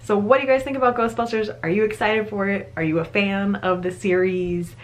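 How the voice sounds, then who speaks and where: A woman's voice: mid-range voice, fairly even intonation, brisk, a little hiss or hum. A woman in her thirties chatting enthusiastically to her viewers as a vlogger, laughing now and then. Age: 30s. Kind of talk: casual chat to camera.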